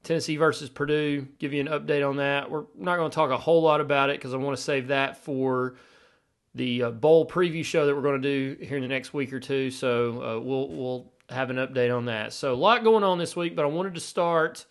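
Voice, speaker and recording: A man's voice: medium pitch, steady tone, fairly quick. A man hosting a sports podcast, ranting sarcastically and firing off rhetorical questions. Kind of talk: opinionated podcast commentary.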